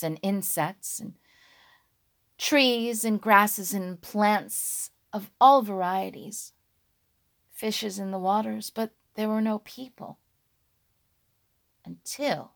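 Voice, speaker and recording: A woman telling a dragon folk tale slowly and dramatically, dropping to a hush and rising on key words. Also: medium pitch, gravelly. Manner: slow, hushed and dramatic, with sudden loud words. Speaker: storyteller.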